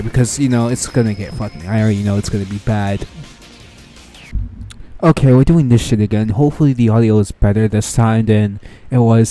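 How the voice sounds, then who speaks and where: A man's voice: mid-range voice, warm tone. A young man giving profane, exasperated reaction commentary, ranting and mocking what he reads aloud. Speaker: commentary streamer.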